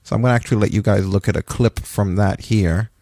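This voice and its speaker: A man's voice: on the low side, quick pace, very noisy. Casual man hosting a podcast. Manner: relaxed, joking, runs the segments. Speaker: podcast host. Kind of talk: casual chat.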